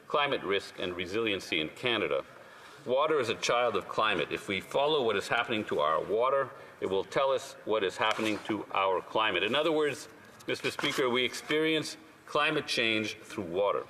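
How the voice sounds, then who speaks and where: A man who is a member of parliament, giving a measured, earnest and persuasive formal speech in a large legislative chamber. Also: lowish voice, animated, sharp tone. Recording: long chamber reverb with faint room noise.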